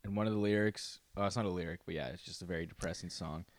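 A man's voice: low-pitched, very fast, no room sound. A man co-hosting a casual comedy podcast, making wry joking asides. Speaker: podcast co-host.

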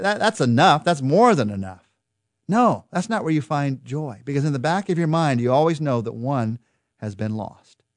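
A man teaching through a Bible chapter in an earnest, expressive devotional style, lifting his voice for emphasis. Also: mid-range voice, no room sound, studio quality. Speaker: pastor teaching a Bible study.

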